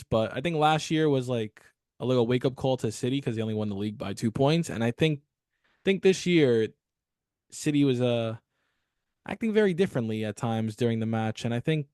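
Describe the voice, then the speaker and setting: A man's voice: medium pitch, a little mellow, no room sound, clean studio sound. A man co-hosting a football podcast, laid-back and ribbing his co-host. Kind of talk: casual football chat.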